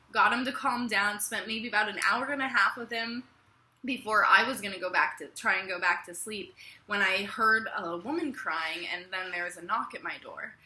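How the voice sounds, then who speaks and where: A young woman tells a personal story straight to the camera, chatty and animated and full of little fillers. Her voice is very bright and sharp, and the room gives it a noticeable echo. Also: medium pitch, a little hiss or hum. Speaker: vlogger. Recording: echoey room.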